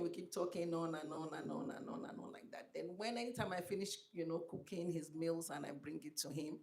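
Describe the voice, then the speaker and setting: A woman telling personal stories in a tribute, animated and becoming emotional as she goes on. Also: deep voice, vocal fry, roomy sound. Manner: animated retelling with acted quotes, becoming emotional. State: emotional, voice wavering. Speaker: speaker giving a tribute.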